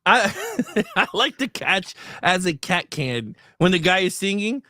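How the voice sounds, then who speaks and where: A man's voice: high-pitched, big pitch swings, measured pace, bright, forceful tone, dry recording, clean studio sound. A young man in casual chat about classic cartoons, laughing often and retelling gags. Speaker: co-host reviewing classic cartoons.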